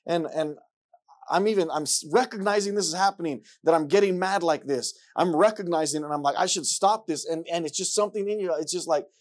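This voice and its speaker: A man preaching a sermon, repeating himself and rising from quiet passages to loud ones. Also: fairly high pitch, fairly quick.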